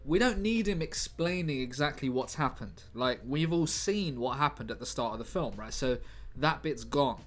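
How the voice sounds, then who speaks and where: Chatty streamer, jokey. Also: male voice, medium pitch, lively intonation, normal speed, few pauses. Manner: chatty and jokey, banters with chat. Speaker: streamer writing a film script live. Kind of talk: casual live-stream chat, reading chat aloud. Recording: faint music behind.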